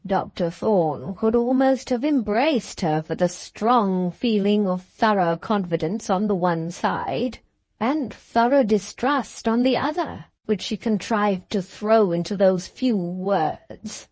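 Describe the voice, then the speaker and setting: A woman narrating a classic novel as an audiobook in an expressive, deliberate manner. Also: medium pitch, dry recording.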